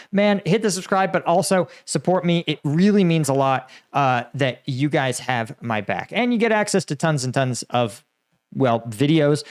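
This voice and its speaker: Host, young adult man, fairly high voice, sarcastic and animated commentary. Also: no room sound, studio quality. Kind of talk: casual political commentary reading posts.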